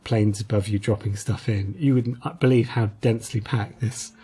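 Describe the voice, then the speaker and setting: A man's voice: fairly low pitch, steady tone, moderate pace, dark tone, husky. A man co-hosting a podcast, chatting casually about retro games in a rambling, hesitant way with lots of fillers. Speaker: podcast co-host.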